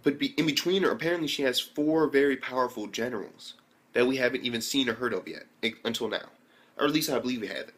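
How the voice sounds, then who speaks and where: A young man, mid-pitched and ordinary in tone, races through a casual anime recap. He talks in excitable bursts packed with slang, swearing and the filler "like". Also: quick pace. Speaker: anime reviewer.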